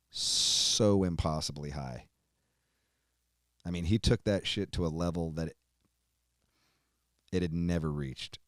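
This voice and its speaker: Deep-voiced man, close to tears. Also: dry recording. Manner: tearful, heavy swearing, trails off quietly. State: on the verge of tears. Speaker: host. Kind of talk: emotional tribute monologue.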